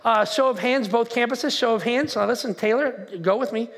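High-pitched male pastor, lively preaching, engages the room with questions. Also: moderate pace. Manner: animated, talks to the crowd with questions. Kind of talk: sermon. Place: church auditorium.

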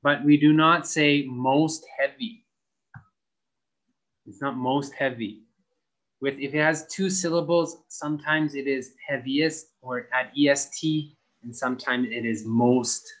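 A young adult man teaching an English grammar lesson, slowly stretching out key words as he models them for students. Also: medium pitch, steady tone, fairly bright tone, poor audio.

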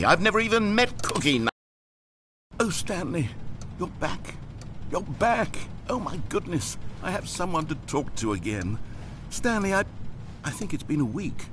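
An actor voicing a lonely, wry male narrator who addresses the player in a plaintive, musing monologue for a video game. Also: background noise. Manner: plaintive, musing monologue with sudden pitch swings. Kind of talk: game voice acting.

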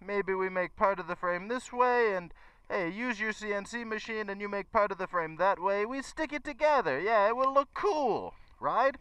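A man's voice: high voice, expressive, moderate pace, fairly bright tone, smooth, dry recording, pitched above the performer's own voice, poor audio. A man voicing a breezy, offhand Italian bike designer in a put-on Italian accent. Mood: carefree.

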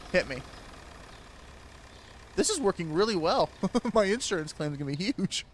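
A young man giving casual, sarcastic gameplay commentary, swearing a lot and yelling at the customers in the game. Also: high-pitched, sing-song, moderate pace, slight background noise. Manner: jumps between mutters and loud outbursts. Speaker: gaming video creator.

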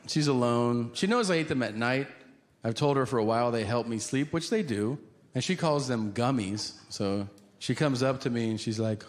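A man's voice: mid-range voice, lively intonation, normal speed, slight background noise. A man performing stand-up comedy, telling stories in a dry, conversational way. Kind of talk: stand-up set. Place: comedy stage. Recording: hall reverb with audible ambience.

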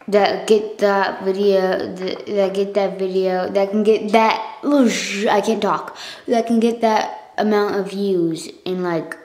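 A woman's voice: medium pitch, warm tone, reverberant. A woman vlogging casually to her viewers, rambling and correcting herself as she goes, recorded on a phone. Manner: rambling, self-correcting, coughs and clears throat. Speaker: channel owner. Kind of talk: casual thank-you vlog.

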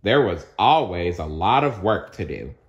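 A man reads a children's storybook aloud in an unhurried, lowish voice. His delivery is slow and expressive, with a lively melody. He paces each sentence for the story. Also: dull audio. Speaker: narrator.

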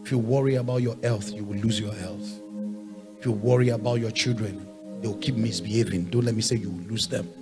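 A man preaching a sermon, swinging from quiet asides to loud shouted points and hammering on repeated rhetorical questions. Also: lowish voice, fairly even intonation, brisk, music in the background. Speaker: pastor.

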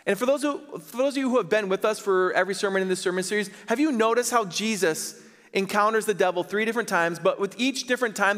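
A male pastor preaching a sermon, slow and emphatic, stressing key phrases. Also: sits high, fairly bright tone, in a large hall. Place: church sanctuary.

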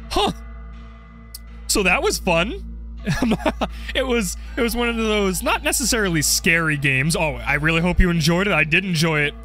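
A young man commenting on his game play, joking and getting excited as he goes. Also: high-pitched, moderate pace, pauses often, faint music behind. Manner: jokey, excitable, role-plays as the character. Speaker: gaming video creator.

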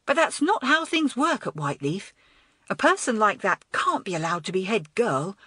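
A woman's voice: medium pitch, big pitch swings, moderate pace, bright, forceful tone, husky, no room sound, studio quality, voice pushed up, exaggerated voice. A woman voicing a bold, hot-tempered schoolgirl who speaks in an outspoken, indignant way.

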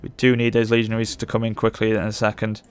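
A man commentating live on his strategy game as he plays, urging his units on and reacting loudly to the battle. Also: lowish voice, fast, clean tone, soft background music. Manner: urgent, excitable, barks orders at units. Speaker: gaming channel host.

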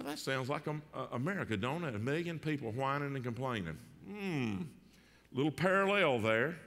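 Bright-voiced Southern pastor, reverberant hall. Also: male voice, mid-range voice. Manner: folksy and conversational, with rhetorical questions and humor. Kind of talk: sermon. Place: church sanctuary.

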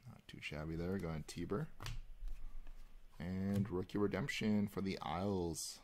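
A man hosting a live card break, calling out pulls and chatting with viewers in a relaxed, rambling way. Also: low-pitched, measured pace, slight background noise. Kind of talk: casual live-stream chat while opening cards.

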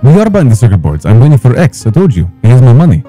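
A man's voice: mid-range voice, huge pitch swings, very fast, warm tone, faint music behind. A man in a crime-city roleplay, placating and incredulous as he questions a business partner over the phone. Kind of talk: in-character phone negotiation.

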